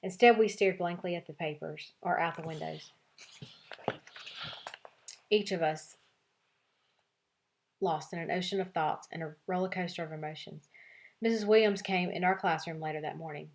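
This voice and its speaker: A woman teacher giving an expressive read-aloud of a children's novel for her class, voicing several child narrators. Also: lowish voice, normal speed, pauses often.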